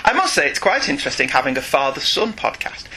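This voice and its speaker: Man, middle-aged, podcast co-host, bright, husky, animated, teasing. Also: a little high, fast talker. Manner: laughs often, animated and teasing. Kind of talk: casual chat, reading listener emails.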